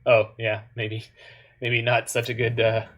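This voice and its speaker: A man's voice: medium pitch, monotone, a little slow, fairly bright tone, slight background noise. A man from Canada, giving casual, joking commentary while he plays an online card game, with muttered asides in between.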